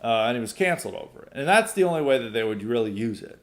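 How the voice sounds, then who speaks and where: A man's voice: medium pitch, very animated, fast talker. A young adult man hosting a podcast, answering listener mail in a rambling way with frequent fillers and restarts. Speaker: podcast host. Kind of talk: casual mailbag commentary.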